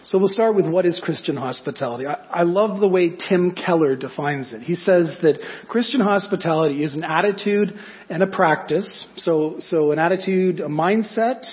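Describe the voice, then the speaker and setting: A pastor delivers a sermon with a slightly raised pitch for a man. He preaches in a conversational way and keeps turning to his listeners with rhetorical questions. The recording sounds dull and muffled. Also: normal speed.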